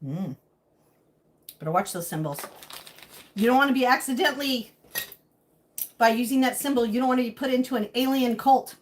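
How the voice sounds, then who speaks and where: A woman's voice: on the high side, moderate pace, long pauses. A woman hosting a live stream from her home kitchen, chatting casually and joking as she answers viewer comments while she cooks.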